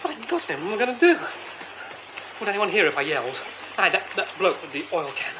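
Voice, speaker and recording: An excitable theatre director, high lively voice, muffled hissing radio play. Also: male voice, fast. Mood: panicked. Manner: muttering to himself, then panicked. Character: flustered young male theatre director. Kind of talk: radio drama acting.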